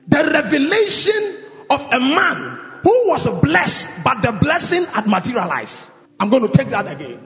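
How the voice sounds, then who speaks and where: A man preaching a sermon as pastor, calling out declarations and leading prayers with shouted emphasis. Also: very high voice. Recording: long reverb, faint music.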